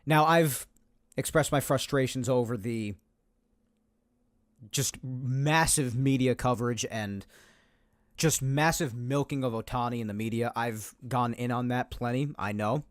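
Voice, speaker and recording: A man's voice: mid-range voice, unhurried, dry recording, studio quality. Emphatic man ranting on a sports podcast. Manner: emphatic, argumentative, repeats points. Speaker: podcast host. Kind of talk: opinionated solo sports talk.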